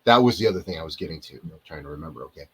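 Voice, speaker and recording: A man's voice: very deep voice, expressive, racing, breathy edge, rough recording. A male actor telling stories as an interview guest over a video call, rambling and digressing, often losing his point and coming back to it. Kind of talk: casual storytelling in a live interview.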